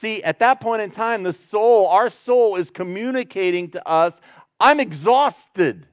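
A man preaching a sermon in an earnest way, dropping to a hush and then pressing hard on key words. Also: sits high, moderate pace, smooth, no room sound, highs cut off. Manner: earnest preaching, swings from hushed to emphatic. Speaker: pastor.

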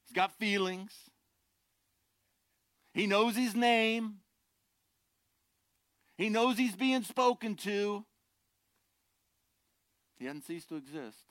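An older man preaching a sermon. He is animated and swings between loud, impassioned lines and quiet, wry asides. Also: high voice, takes it slowly, long pauses, no echo, studio quality. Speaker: pastor.

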